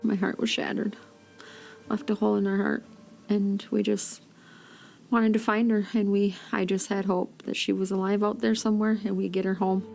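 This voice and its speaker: Gravelly, emotional woman over music. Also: mid-range voice, flat delivery, normal speed, a little mellow. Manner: emotional, eager. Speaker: aunt. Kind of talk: interview.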